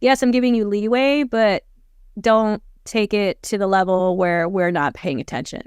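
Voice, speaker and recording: A woman guest in a casual business interview, earnest and emphatic, often checking in with a quick question. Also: medium pitch, clear, resonant tone, no echo, clean studio sound. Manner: earnest, stresses points and checks in with a "right?". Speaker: guest, gym manager.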